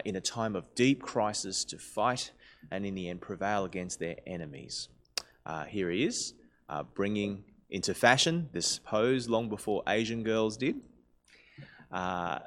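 Brief: male pastor, sermon, conversational, swooping very expressive pitch. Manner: lively, conversational preaching.

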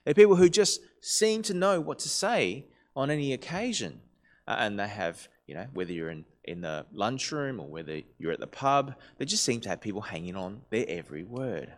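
Man, pastor, sermon, conversational, animated intonation, mid pitch. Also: moderate pace. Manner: lively, conversational preaching.

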